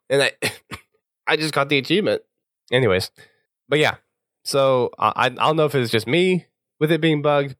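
A man's voice: mid-range voice, no room sound. Male walkthrough host, casual and chatty, dry close sound. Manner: relaxed, chatty, laughs often. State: recovering voice. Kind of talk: casual gameplay commentary.

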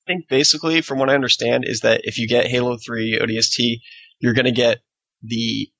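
A man's voice: mid-range voice, fairly even intonation, brisk, gravelly, bright, forceful tone, dry recording, poor audio. A man co-hosting a casual podcast, talking in a hesitant way with many fillers and restarts. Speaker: podcast co-host.

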